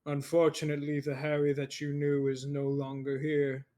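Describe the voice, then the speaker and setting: A man voicing an old male villain who turns from courtly to menacing, speaking in a genteel, quietly threatening way. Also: fairly high pitch, completely flat delivery, normal speed, natural voice.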